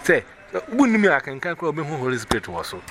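Ghanaian guy telling his story casually, animated, noisy room behind him. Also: a little high, fast. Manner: mixes Twi and English, animated retelling with quoted voices. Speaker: evangelist. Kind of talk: personal testimony, casual storytelling. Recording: audible background noise.

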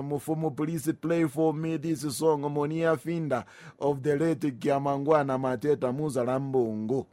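A Kenyan man hosts a music request show on the radio. He chats in a loose, easygoing way, drops in Swahili phrases and reads out listeners' names and requests. His voice sits at an ordinary middle pitch. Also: darkish tone.

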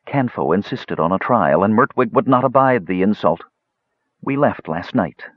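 A man voicing a matronly female dwarf who speaks softly and reservedly, as in an audiobook. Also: on the low side, animated, moderate pace, husky, no echo, muffled recording, voice pushed up. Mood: quiet, sad. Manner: soft, reserved. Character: matronly female dwarf, loyal, sad and soft-spoken. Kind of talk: audiobook narration.

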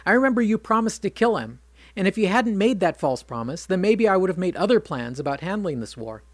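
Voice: medium pitch, big pitch swings, fairly quick, no room sound. A narrator voicing a bitter, self-pitying king who whines and rants at his brother. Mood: ranting. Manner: whining, ranting.

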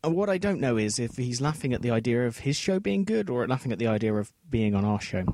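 A man's voice: mid-range voice, big pitch swings, fast, darkish tone, no echo. A man co-hosting a podcast, recording a rambling, self-deprecating solo segment. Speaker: podcast co-host.

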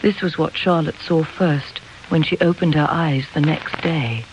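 An audiobook narrator reading a story in a measured way, slowing down for emphasis. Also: medium pitch, dull audio, a little hiss or hum. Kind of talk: scripted narration.

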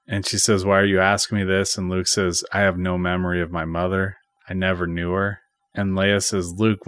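A man hosting a podcast, casually retelling a movie scene by scene and quoting its dialogue in a plain, even way. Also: deep voice, dry recording, studio quality. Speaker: podcast host.

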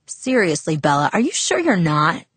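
A woman's voice: fairly low pitch, big pitch swings, moderate pace, fairly bright tone, husky, dry recording, exaggerated voice. A woman reading the lines of a teasing, easygoing teenage boy in an audiobook. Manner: teasing, casual.

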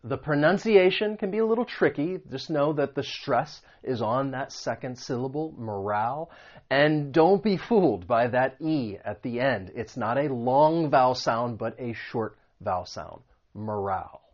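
An American man teaching vocabulary and pronunciation in a patient way, saying words slowly and repeating them. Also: mid-range voice, expressive, dull audio. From United States. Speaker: English teacher. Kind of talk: pronunciation lesson.

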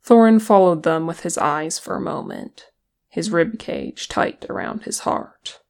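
A reader narrating a fan fiction audiobook with steady, even storytelling. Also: mid-range voice, a little slow, creaky.

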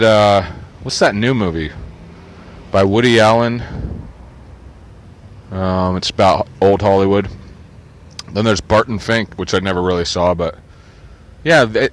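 A man vlogging in a crude, sardonic rambling monologue, cursing freely. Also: on the low side.

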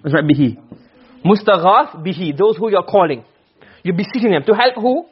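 A man teaching Arabic grammar to a class, asking questions and answering them himself, and reciting verses slowly. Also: high voice, animated, breathy edge, dull audio. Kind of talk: classroom lecture.

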